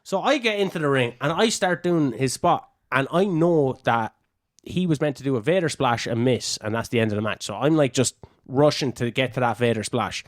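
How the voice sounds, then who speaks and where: Young Irish wrestler, podcast guest, loose and profane anecdotes, dry close mic. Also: male voice, medium pitch, normal speed, no room sound. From Ireland. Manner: swears freely, animated anecdotes. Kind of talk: casual storytelling.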